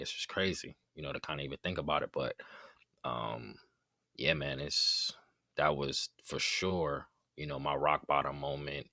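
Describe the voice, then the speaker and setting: A man's voice: extremely low pitch, gravelly, dry recording. A man, a former football player, telling a personal story as a podcast guest in an earnest, conversational way. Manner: earnest, conversational, drops to quiet reflection.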